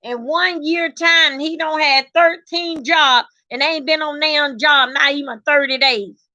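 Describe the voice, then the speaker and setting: A woman telling a personal story in a salty, emphatic, animated way. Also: high voice, a little slow. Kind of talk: casual storytelling vlog.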